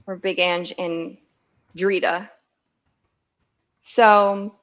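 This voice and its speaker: A woman's voice: mid-range voice, a bit bright. A young woman co-hosting a live stream, chatting casually and laughing as she tells stories. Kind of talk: casual chat. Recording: slightly dull lo-fi stream audio.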